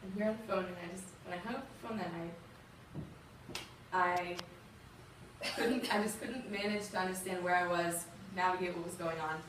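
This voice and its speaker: A woman's voice: lowish voice, steady tone, normal speed, pauses often, background noise. Young Southern woman, guest speaker, heartfelt storytelling, distant mic, big reverberant room. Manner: earnest, emotional, conversational with fillers. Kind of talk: personal story talk to a youth audience.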